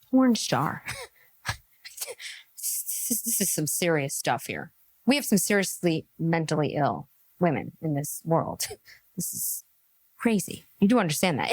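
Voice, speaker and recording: A woman's voice: mid-range voice, fairly bright tone, no room sound. A woman reacting to a podcast clip, incredulous and laughing, mocking what she hears with put-on voices. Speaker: reaction commentator.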